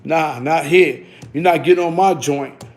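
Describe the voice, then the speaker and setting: A man's voice: a little high, unhurried, a little mellow. A middle-aged man telling a story in casual street slang, tagging lines with "you heard?". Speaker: vlogger.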